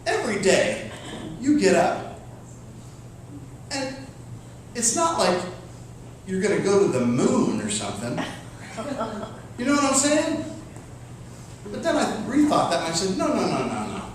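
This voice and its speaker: A man's voice: high voice, wildly swooping pitch, measured pace, pauses often, a little hiss or hum. A man giving a comic motivational talk to a real estate group, joking and acting out clients and himself in playful voices. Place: meeting room with an audience. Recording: echoey hall from far off with an audience.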